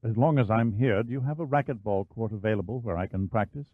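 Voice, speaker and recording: A courteous, reserved British naval lieutenant, read by a man in a low voice with formal, clipped phrasing. The audiobook is heard dry and phone-thin. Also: quick pace, dry recording, lightly acted. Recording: dry, phone-like narrow band.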